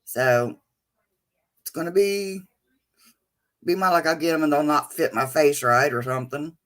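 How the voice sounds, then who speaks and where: A woman's voice: deep voice, a little slow, a bit bright. A middle-aged woman hosting a casual livestream chat, chatty and greeting viewers by name with endearments like sweetheart and honey. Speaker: livestream host.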